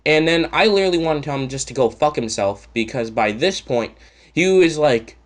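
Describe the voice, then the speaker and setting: A man's voice: on the high side, expressive, fairly quick. Rambling, foul-mouthed Canadian man ranting. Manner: rambling, profane and sarcastic. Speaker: channel host. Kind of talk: casual storytime rant.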